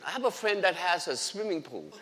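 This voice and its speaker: In a church sanctuary, a man gives an earnest, emotional personal faith testimony in English with non-native grammar. His high, fairly bright voice swings widely in pitch at a slightly fast pace, carried by the long reverb of a large hall.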